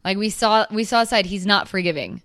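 A woman's voice: medium pitch, animated, a little fast, fairly bright tone. A woman co-hosting a podcast in casual chat, rambling with many restarts and fillers. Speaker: podcast co-host.

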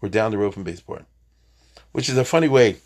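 A man's voice: fairly low pitch, lively intonation, a little fast, darkish tone. A man teaching an informal Torah class, chatty, with joking asides and Hebrew terms.

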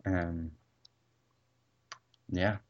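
A man's voice: sits low, little pitch movement, very slow, dull audio. A man co-hosting a podcast, talking hesitantly with many ums. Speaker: podcast co-host. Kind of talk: casual chat.

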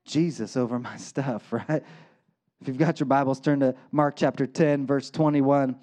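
A man's voice: mid-range voice, fairly even intonation, moderate pace, mellow. A male pastor giving a conversational sermon, often checking in with "right?" and acting out quotes.

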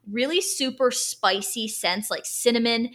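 A woman's voice: a little high, a little slow, a bit bright. A young woman co-hosting a casual podcast chat, talking with enthusiasm and plenty of fillers. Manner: chatty, enthusiastic, many fillers. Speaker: podcast co-host. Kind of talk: casual chat about perfume.

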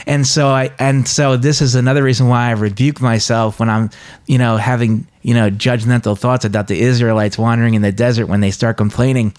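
A man's voice: medium pitch, steady tone, a little fast, darkish tone. A man co-hosting a casual Bible discussion podcast, talking in an earnest, confessional way. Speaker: podcast co-host.

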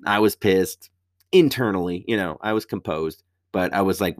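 A man's voice: deep voice, normal speed, no echo, studio quality. A young man, a stand-up comic, telling a profane story in casual chat. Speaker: stand-up comedian.

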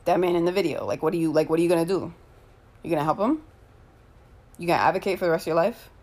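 A woman delivering an angry, profane rant full of rapid rhetorical questions. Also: fairly low pitch, a little mellow.

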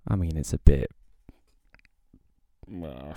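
A man's voice: extremely low pitch, expressive, slow, creaky, pauses often, dark tone, dry recording. A man hosting his own podcast, talking casually in a rambling, wry, self-deprecating way into a close home mic. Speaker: podcast host. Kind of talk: casual solo podcast talk.

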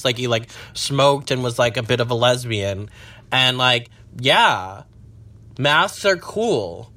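A young man rambling and swearing in a casual monologue from his parked car, jumping between low mutters and high squeals. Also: animated, slow pace, bright, forceful tone. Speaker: vlogger.

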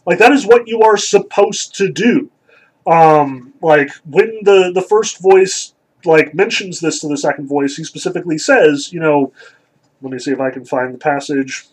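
Husky man lecturing on a text. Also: on the high side, moderate pace, poor audio. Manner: thoughtful, explanatory, with frequent ums and likes. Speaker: literature lecturer. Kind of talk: lecture reading and analyzing a text.

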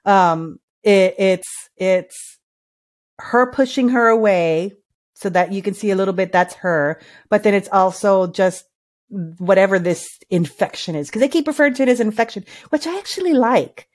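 A woman's voice: mid-range voice, expressive, normal speed. A woman co-hosting a podcast in casual movie chat, rambling with frequent ums and laughter. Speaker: podcast co-host.

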